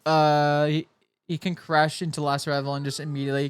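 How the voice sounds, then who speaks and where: A young man from California streaming a game, chatting in a rambling way and talking with a soft put-on Southern cowboy drawl. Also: fairly high pitch, level tone, fairly quick, smooth, dry recording. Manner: rambling, chatty, self-interrupting. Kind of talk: casual live-stream chat while gaming.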